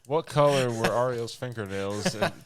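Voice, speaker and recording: A man's voice: medium pitch, moderate pace, a crowd in the background. A man co-hosting a casual podcast, guessing at trivia and tossing in dry jokes. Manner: wisecracking, jokey guesser. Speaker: podcast co-host.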